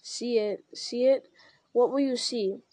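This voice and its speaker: A grave young male hero, commanding and firm, read by a woman narrator. The voice is mellow and fairly high, the delivery emphatic. It sits close and dry. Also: slow, no room sound. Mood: earnest. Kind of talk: audiobook character reading.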